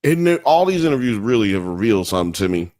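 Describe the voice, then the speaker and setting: A man co-hosting a podcast, ranting about a movie with animated, profanity-heavy casual banter. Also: fairly low pitch, quick pace, no echo, clean studio sound. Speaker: podcast co-host.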